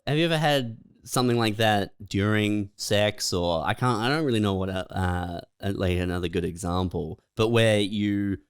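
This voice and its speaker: A man's voice: on the low side, moderate pace, hardly any pauses, clean tone, dry recording. A man co-hosting a comedy podcast, musing in a thoughtful, hesitant way and laughing along. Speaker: podcast co-host. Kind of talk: casual comedic chat.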